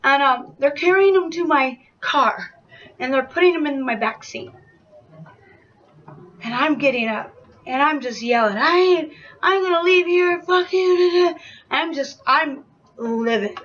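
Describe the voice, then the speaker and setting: A young woman telling a personal story to camera in a casual, animated way, full of "like" and acted-out quotes. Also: high voice, dull audio. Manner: animated retelling, acts out quoted shouts, frequent "like" fillers.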